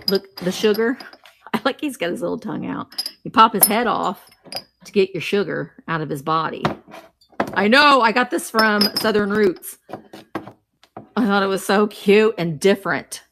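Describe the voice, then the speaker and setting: A woman's voice: medium pitch, expressive, measured pace, creaky, long pauses, background noise. Middle-aged female vintage reseller, chatty and rambling, hosting a live stream at home. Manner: chatty, rambling, greets viewers while showing items. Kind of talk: casual live-stream chat.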